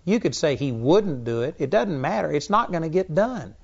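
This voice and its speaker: A man's voice: a little high, expressive, moderate pace, creaky, slightly rough, dull audio. A man teaching a sermon as a Bible teacher, blunt and emphatic in his delivery.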